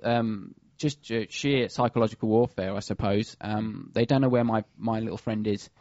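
A man's voice: fairly low pitch, steady tone, normal speed, a little mellow, dry recording, dull audio. A man who works as a bird of prey pest controller, talking casually and hesitantly with many fillers and restarts. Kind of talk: casual radio chat.

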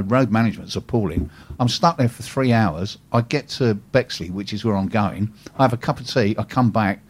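A man hosting a business radio show, chatting and teasing his co-host. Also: medium pitch. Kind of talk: casual radio chat.

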